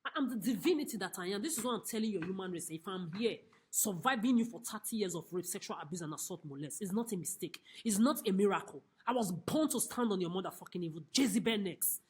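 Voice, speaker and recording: A woman's voice: mid-range voice, expressive, fast, few pauses. A woman delivering an angry, accusatory monologue to camera from a chair in a homeless shelter, cursing and repeating herself. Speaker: vlogger. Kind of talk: angry direct-to-camera rant.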